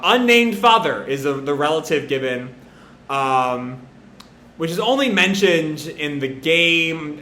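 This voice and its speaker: A man's voice: fairly high pitch, bright, forceful tone, slight background noise. A man giving a casual live reaction as he reads through a comic, rambling and full of fillers. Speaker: comic reviewer. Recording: roomy echo.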